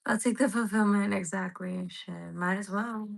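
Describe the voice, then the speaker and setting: A woman's voice: mid-range voice, moderate pace, gravelly, poor audio. A woman reading tarot cards live for her viewers, rambling and emotional, near tears, swearing casually as she talks to them directly. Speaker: tarot reader.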